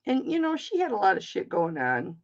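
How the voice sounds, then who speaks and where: A woman's voice: medium pitch, huge pitch swings, a little fast. A middle-aged woman hosting a live jewelry auction, chatting casually, swearing freely and greeting viewers by name. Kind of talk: casual chat while selling. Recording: dull lo-fi stream audio.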